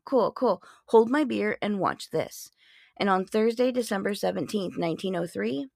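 A woman's voice: mid-range voice, vocal fry, dry recording, clean studio sound. A woman in her forties hosting a podcast, sharing history facts in a playful, chatty way with sarcastic asides. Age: 40s. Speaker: podcast host. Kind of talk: casual fact-sharing monologue.

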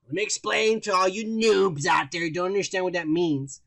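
A man's voice: sits high, fairly even intonation, moderate pace, creaky, hardly any pauses, fairly bright tone. A young man co-hosting a casual podcast, profane and mocking as he reads out news stories. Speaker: podcast co-host. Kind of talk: casual drunk banter.

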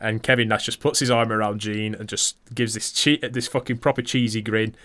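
Man recapping events, bright tone. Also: lowish voice, fairly even intonation, fairly quick. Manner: recaps events matter-of-factly, chuckling. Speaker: podcast co-host. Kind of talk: casual podcast recap.

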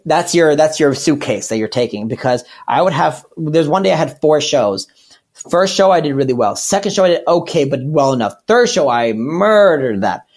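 A man, a stand-up comedian and podcast guest, talking candidly in a rambling, earnest way with many restarts. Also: on the high side. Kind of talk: candid casual chat.

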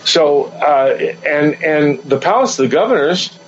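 A man's voice: on the high side, animated, unhurried. A man on a radio talk show, eagerly rattling off historical dates and mimicking what other people tell him. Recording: dull lo-fi radio broadcast with light noise.

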